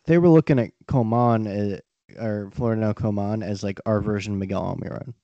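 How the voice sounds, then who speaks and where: Male podcast co-host, mellow voice, dull dry recording, wry teasing delivery. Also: lowish voice, brisk, dry recording. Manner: wry, teasing, swears casually. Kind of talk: casual chat.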